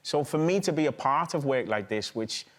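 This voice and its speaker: A middle-aged man with a Liverpool accent, a talk show guest telling an animated anecdote and often asking "do you know what I mean". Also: mid-range voice, normal speed. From England, Liverpool. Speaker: guest actor. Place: TV studio with live audience.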